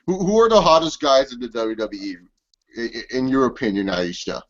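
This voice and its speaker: A young man hosts a loose, joking chat, swearing freely and sliding into impressions. His pitch moves around a lot. The recording sounds dull and lo-fi. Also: sing-song, fairly quick. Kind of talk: casual chat.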